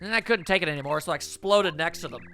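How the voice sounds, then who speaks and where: A man voicing a spunky, quick-tempered young female bomb creature from a video game, pitching his voice up high. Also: sharp tone, a little hiss or hum. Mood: chatty.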